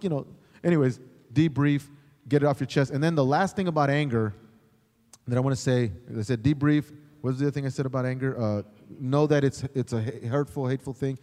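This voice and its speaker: A middle-aged man, a chaplain, teaching in a sermon style, animated, acting out the voices he quotes. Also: a little high, fairly quick, big-room sound. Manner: animated, acts out quoted voices, repeats words when starting. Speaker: chaplain and pastor.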